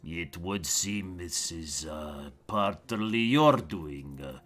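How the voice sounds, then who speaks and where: A man voicing a stern, condescending city watch captain in a tabletop game, speaking slowly and haltingly with broken grammar and sudden loud outbursts. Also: sits low, expressive, soft background music, exaggerated voice. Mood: menacing.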